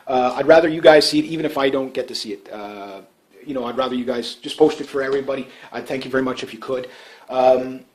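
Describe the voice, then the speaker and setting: A Canadian man rambling through casual commentary on his channel, full of fillers and restarts, his voice often trailing off quietly. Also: medium pitch, steady tone, fast, poor audio. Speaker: vlogger.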